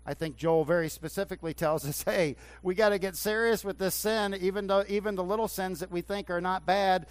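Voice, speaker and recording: A man's voice: high voice, fairly even intonation, fairly quick, hardly any pauses, smooth, no room sound. Emphatic male pastor preaching a sermon. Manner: swings from hushed to loud emphatic preaching. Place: church sanctuary.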